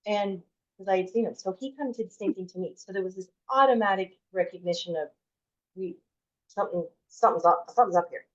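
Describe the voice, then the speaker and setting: A woman's voice: medium pitch, fast talker. Chatty woman, dull lo-fi podcast audio. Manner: chatty, heavy use of "like", frequent restarts. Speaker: podcast guest. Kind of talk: personal storytelling in a podcast interview.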